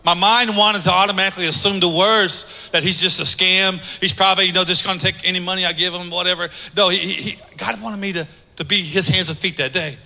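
A man preaching a sermon, driving points home with emphatic repetition and easing into softer storytelling. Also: high-pitched, fairly even intonation, a little fast, vocal fry, hardly any pauses, in a large hall. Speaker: pastor.

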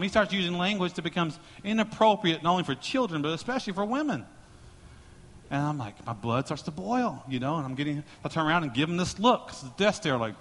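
A male pastor preaching a sermon and telling a joking, animated story to his congregation. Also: high-pitched, fast talker, long reverb tail.

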